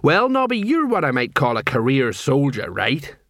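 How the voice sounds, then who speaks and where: A man voicing a plodding, middle-aged male watch sergeant who questions slowly and suspiciously. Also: mid-range voice, huge pitch swings, a bit bright, dry recording. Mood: probing.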